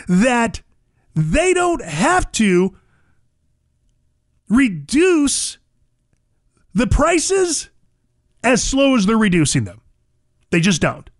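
A man with a notably high voice hosts a talk radio show, pressing his opinions in an emphatic, fired-up monologue. He hammers his points home by repeating phrases. The sound is dry and close, with no room around it. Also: no room sound.

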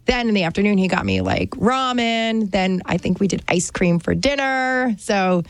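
A woman's voice: medium pitch, big pitch swings, normal speed, dry recording. Bubbly, chatty woman on a dry studio mic. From New Jersey. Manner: bubbly, chatty, laughs often. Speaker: radio show regular. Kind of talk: casual radio chat.

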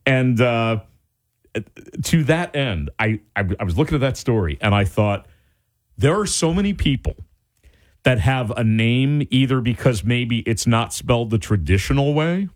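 A man hosting a radio talk show, chatting casually in an animated, rambling way with restarts. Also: mid-range voice, unhurried. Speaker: radio host.

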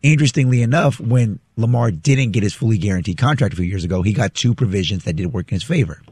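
Husky low-voiced radio co-host man. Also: lively intonation, fast talker, darkish tone, no echo. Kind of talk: sports analysis on radio. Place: radio studio.

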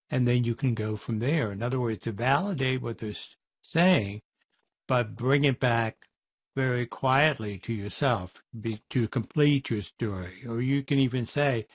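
A man talking things through in a relaxed discussion, pausing often with fillers and restarting his sentences. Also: medium pitch, no echo. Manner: halting, with many fillers and restarts. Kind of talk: conversational discussion.

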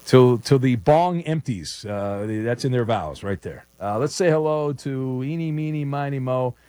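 Animated wisecracking male radio host. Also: medium pitch, normal speed, clear, resonant tone, dry recording. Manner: wisecracking, teasing callers. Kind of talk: call-in sports talk.

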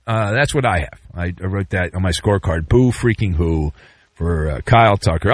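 A male podcast host giving a sarcastic, mocking comedic sports rant with sudden jumps in pitch. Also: very animated, normal speed, fairly bright tone, no echo.

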